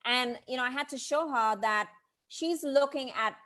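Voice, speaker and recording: A woman hosting an interview podcast as a brand coach, telling stories with lively quoted asides. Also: high voice, normal speed. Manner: animated storyteller, quotes people in lively asides. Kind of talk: casual interview chat.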